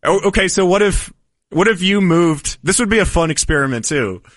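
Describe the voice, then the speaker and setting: Chatty sports show host, dry sound. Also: male voice, high-pitched, expressive, moderate pace, a bit bright, dry recording. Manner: chatty, laughing, musing. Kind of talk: casual sports show banter.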